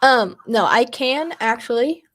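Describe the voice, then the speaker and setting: A woman with a fairly high voice chats casually as a podcast co-host. She tells stories about herself with a self-deprecating streak and fills her sentences with "like.". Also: lively intonation, measured pace, fairly bright tone, slight background noise. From United States. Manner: chatty, self-deprecating, full of "like" fillers.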